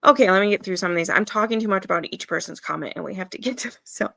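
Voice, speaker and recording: A woman's voice: medium pitch, racing, gravelly, sharp tone, no room sound, studio quality. A woman hosting a casual livestream chat, emphatic and chatty, with ranting asides. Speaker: readathon host.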